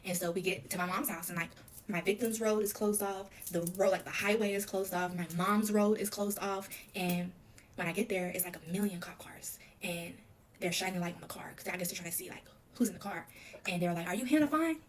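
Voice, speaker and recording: A woman tells her own story in a rushed, emotional storytime confession, her voice sitting slightly low. She keeps the words tumbling out, leaning on "like" again and again. A faint hiss sits under her voice. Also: flat delivery. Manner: rapid, emotional retelling full of "like".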